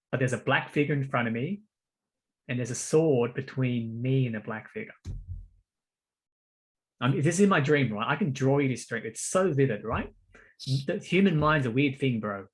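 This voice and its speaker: A man's voice: mid-range voice, slightly rough. A man hosting a podcast, telling a personal story in casual conversation, stammering and repeating words while calling his listener "bro" and "mate". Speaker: podcast host.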